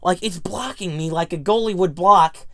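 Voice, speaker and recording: A man dramatically telling a near-death story in casual chat, excitable and stumbling over his words. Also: sits high, moderate pace, dry recording, clean studio sound. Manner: dramatic, excitable, frequent restarts.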